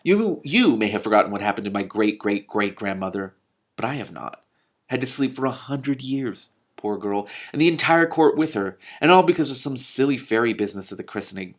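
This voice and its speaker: A man's voice: on the low side, lively intonation, a little fast. A man doing a grumpy, stubborn old king. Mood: peevish. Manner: peevish, testy complaining.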